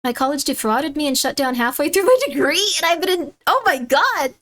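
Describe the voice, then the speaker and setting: A woman with a fairly high voice talks casually on a live stream, chatting with her viewers and reacting to clips. Her delivery is animated and loose, peppered with laughs. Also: brisk. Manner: chatty and animated, laughs often, loud shrill bits when mocking someone. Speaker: streamer reacting to videos and chat.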